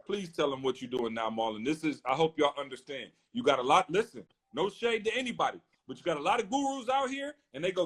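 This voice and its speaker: A man with a higher, husky voice talks quickly and animatedly, barely pausing. As host of a casual live-stream chat on his phone, he's hyped and promotional, acting out the questions viewers send in.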